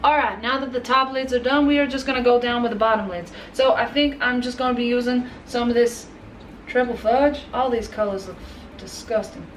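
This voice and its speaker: A woman's voice: on the high side, steady tone, a little fast, slight background noise. A woman doing a casual makeup tutorial, chatting and making jokey asides to her products and to herself. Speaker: makeup vlogger. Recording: roomy and distant from the mic.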